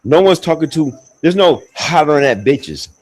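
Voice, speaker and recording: A man's voice: fairly high pitch, expressive, moderate pace, darkish tone, a little hiss or hum, rough recording. A man chatting casually as an expat, blunt and profane, rambling with many restarts. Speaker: expat talking on a livestream call. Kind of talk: casual chat. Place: abroad, with faint outdoor sounds behind.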